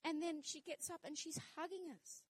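A woman's voice: very high voice, fairly even intonation, normal speed, no echo, poor audio. A woman minister preaching a sermon, fervent and repetitive, building up to strong declarations. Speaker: minister and fitness trainer.

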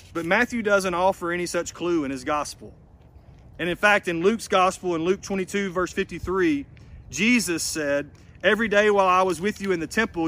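A man preaching a sermon in an earnest, measured way, acting out quoted lines. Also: high voice, a bit bright.

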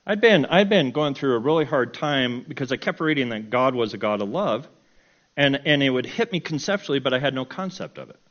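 A middle-aged man telling a personal story in a sermon, animated and self-mocking, often breaking into laughter. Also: mid-range voice, fairly quick, highs cut off. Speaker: preacher.

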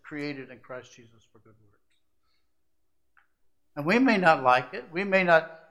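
A middle-aged man preaching from the pulpit with a somewhat high voice. He builds to loud, emphatic peaks, then drops to hushed, conversational asides to the congregation. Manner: preachy, swings from loud climaxes to quiet asides. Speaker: pastor. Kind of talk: sermon.

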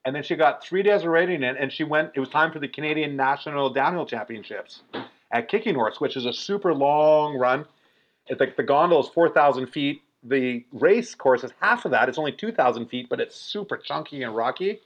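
A man in his forties telling a story in a casual, animated way, full of "like" fillers. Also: fairly high pitch, a little fast. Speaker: guest. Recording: dull lo-fi recording.

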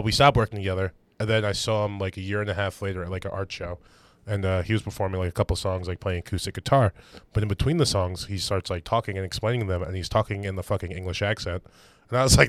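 A man's voice: lowish voice, no room sound. A man co-hosting a casual podcast chat, telling a rambling story and swearing freely. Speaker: podcast co-host.

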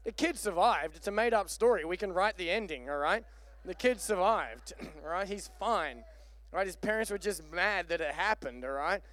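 High-voiced man preaching a sermon. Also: moderate pace. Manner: animated, joking, calls for amen. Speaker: pastor.

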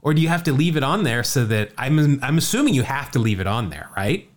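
A man hosting a laid-back podcast, telling a baseball story with lots of jokes. His pitch swings widely as he talks. He often repeats himself and restarts sentences. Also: sing-song, quick pace. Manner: chatty, jokey, stumbles and repeats words. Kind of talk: casual podcast chat.

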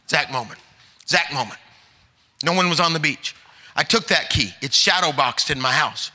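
Bright and forceful, a slightly high male voice moves at a moderate pace through an evangelist's sermon. The middle-aged preacher tells stories and builds to emphatic urging, heard with long hall reverb.

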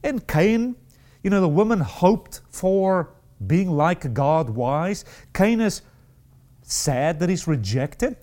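Guy preaching slow, voice jumps all over, stumbles and repeats words. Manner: slow, animated preaching with sudden rises in pitch; repeats words and restarts phrases. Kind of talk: sermon.

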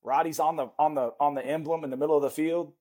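Husky-voiced middle-aged guy on a podcast, rambling stories, acts out the dialogue. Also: fairly high pitch, fast. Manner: animated, rambling anecdotes with laughs and acted-out dialogue. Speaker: guest, former pro football lineman. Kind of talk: casual storytelling chat.

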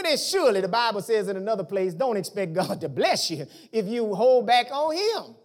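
A man preaches a sermon and talks straight to his congregation in plain everyday words. His pitch swoops and leaps with lively energy. He climbs to loud, pressing emphasis and then sinks to near-hushed storytelling. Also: moderate pace. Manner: colloquial, emphatic, addresses congregation directly.

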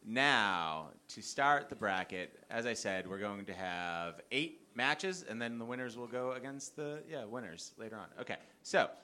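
A man hosts a live comedy game show with an upbeat announcing manner. His voice is very bright and his pitch jumps around in a lively way. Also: a little slow, hardly any pauses, slight background noise. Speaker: host.

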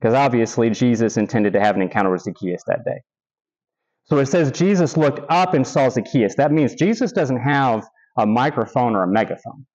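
A man's voice: medium pitch, moderate pace, darkish tone, lo-fi sound. A man preaching a sermon as pastor, telling stories with quoted asides and emphatic repetition.

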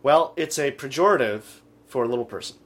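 A man's voice: medium pitch, fairly bright tone. Rambling man co-hosting a comedy show. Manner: rambling, halting retelling with many fillers. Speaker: radio show co-host. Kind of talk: casual comedic chat.

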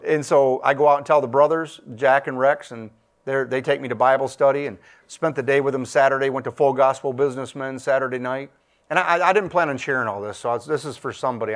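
A middle-aged man preaching his testimony with earnest emotion, often restarting words and surging louder as he gets fired up. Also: medium pitch. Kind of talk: testimony sermon.

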